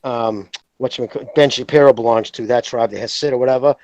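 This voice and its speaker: A man's voice: medium pitch, steady tone, fast, darkish tone, no room sound, dull audio. A man co-hosting a casual podcast, talking bluntly and heatedly with heavy swearing. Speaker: podcast co-host.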